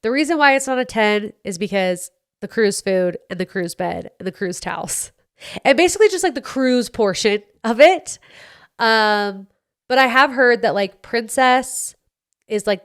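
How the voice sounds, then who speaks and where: A woman, hosting a podcast and telling a story in a chatty, animated way with lots of "like". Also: mid-range voice, normal speed, clear, resonant tone. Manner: chatty, animated, heavy use of "like". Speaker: podcast host. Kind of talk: casual storytelling chat.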